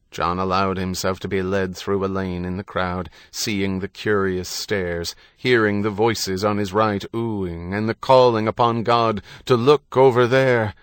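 A man narrating an audiobook in a measured, grave reading. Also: fairly low pitch, clear, resonant tone, dry recording, clean studio sound. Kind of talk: scripted narration.

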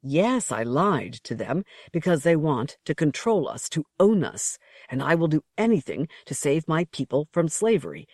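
A reader voicing an old, defeated male rebel leader who speaks slowly and orates in grief. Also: fairly high pitch, sing-song, darkish tone, no echo, studio quality. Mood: defiant. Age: older. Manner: slow, grieving, orating. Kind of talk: audiobook character reading.

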